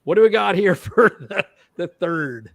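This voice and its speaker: A man's voice: high-pitched, animated, a little slow, gravelly. A man with a Canadian accent hosting a casual livestream chat, playful and laughing as he keeps score. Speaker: podcast host.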